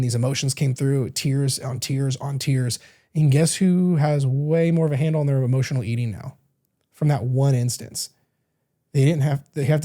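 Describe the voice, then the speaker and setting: A man's voice: mid-range voice, mellow. A man hosting a podcast as a coach, talking in an earnest, rambling way with frequent restarts and self-corrections. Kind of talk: casual reflective podcast monologue.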